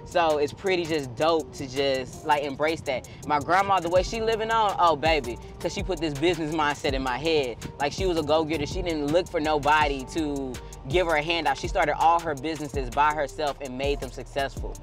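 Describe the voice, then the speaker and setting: Excitable slangy woman food vlogger. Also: sits low, fairly quick, few pauses, music in the background. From Houston, Texas. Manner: casual slangy talk, laughs often, excitable. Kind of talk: casual food vlog.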